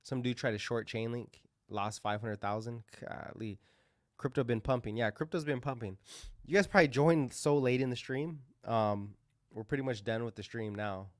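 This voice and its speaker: A man's voice: medium pitch, moderate pace, dry recording, studio quality. A man hosting a crypto livestream, talking casually and rambling through live chart commentary with lots of fillers and restarts.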